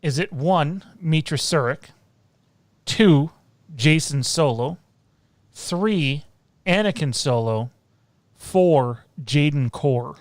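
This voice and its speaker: A man hosting a trivia round on a podcast, reading clues slowly and deliberately. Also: on the high side, expressive, no echo. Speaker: quiz host.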